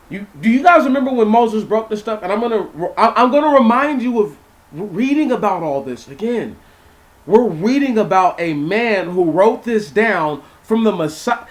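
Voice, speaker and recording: A young man with a somewhat high voice reads old scripture verses aloud, then stops to explain them in a loose, conversational way. He repeats words, restarts his sentences and keeps checking that his listeners follow him. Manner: animated, repeats words, asks listeners questions. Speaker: Bible teacher. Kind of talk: informal Bible reading and commentary.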